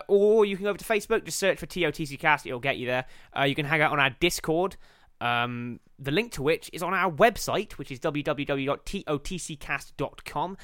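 Man, podcast co-host, crude comedic banter, crisp voice, bright tone, often laughing. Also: fairly high pitch, dry recording, studio quality. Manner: laughing, riffing, swearing freely.

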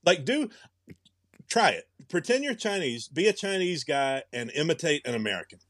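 Slightly high and fairly bright, this young man's voice has a sing-song lilt at normal speed as he co-hosts a podcast. He rambles and muses through casual chat with many restarts, captured in a dry, clean studio recording.

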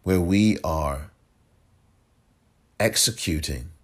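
Really deep voiced guy reading the news on his podcast, bit husky, careful and steady. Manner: measured, deliberate reading with slips and restarts. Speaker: podcast host. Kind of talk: reading a news story with commentary.

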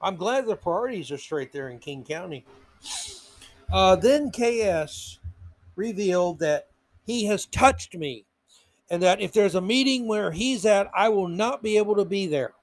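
A male podcast host with a notably high voice rants through an indignant commentary monologue. He hammers his points with repeated words. The sound is close and dry, with no room echo. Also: animated, measured pace. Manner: indignant ranting with emphatic repetition.

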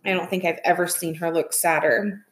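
Brief: woman teacher narrating a novel for a class, steady and even. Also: lowish voice, moderate pace. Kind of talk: reading a novel aloud.

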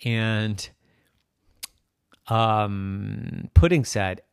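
A man's voice: medium pitch, big pitch swings, unhurried, a bit bright, no room sound, clean studio sound. A man telling an improvised bedtime story in a playful, sing-song way.

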